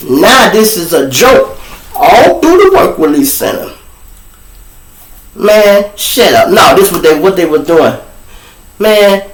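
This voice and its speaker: A man from Chicago with a Chicago accent, hosting his show and telling a story to viewers in a profane, animated way, loud one moment and hushed the next. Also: a little high. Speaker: show host. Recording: roomy echo.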